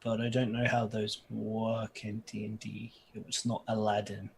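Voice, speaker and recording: A man playing a tabletop game, thinking out loud with hesitant, restarting speech. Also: fairly low pitch, monotone, unhurried, creaky, a little hiss or hum. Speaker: player. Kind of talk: casual in-character game talk.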